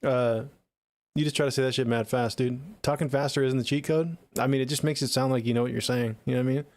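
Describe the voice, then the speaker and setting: A man's voice: mid-range voice, steady tone, fast talker, a little mellow, no room sound. A man streaming music feedback from a home studio closet, talking in a laid-back, rambling and profane way. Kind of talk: casual live-stream chat.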